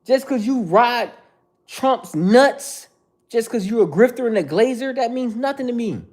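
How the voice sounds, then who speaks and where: A man's voice: very high voice, expressive, a little slow, a little mellow. A man hosting a casual livestream, answering viewer chat in a mocking, profane, confrontational way.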